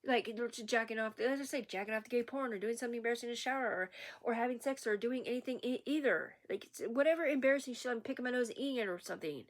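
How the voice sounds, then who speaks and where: A woman's voice: fairly high pitch, rapid-fire. Rambling, agitated woman ranting. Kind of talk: unscripted rant to camera.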